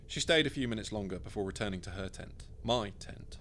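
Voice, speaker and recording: A man with a low voice reads his own story aloud in the first person. His delivery is dry and wry, in steady scripted narration. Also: a little fast, few pauses, slight background noise.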